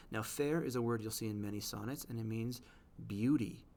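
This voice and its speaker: A man teaching, explaining the language of poems in a patient way. He checks in often with "right?" and reads the quoted lines slowly. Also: lowish voice, vocal fry, a little mellow.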